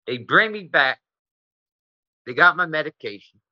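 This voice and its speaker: A man's voice: a little high, animated, measured pace, pushed and bright, no room sound, highs cut off. A man as an interview guest, telling a profane, rambling story and tagging his sentences with "right?".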